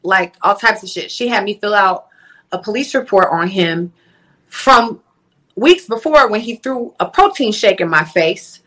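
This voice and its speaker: Bright-voiced young woman telling a candid story. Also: mid-range voice, a little slow. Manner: candid, profane, animated retelling. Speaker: interview guest, livestream influencer. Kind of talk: casual storytelling.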